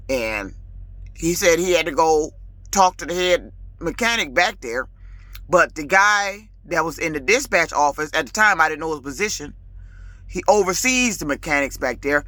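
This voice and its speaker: A woman's voice: fairly low pitch, expressive, normal speed, sharp tone, no echo. A woman truck driver ranting casually to her vlog audience, emphatic and authoritative, her voice rising and getting heated, with colloquial talk and repeated words. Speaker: lease-purchase truck driver.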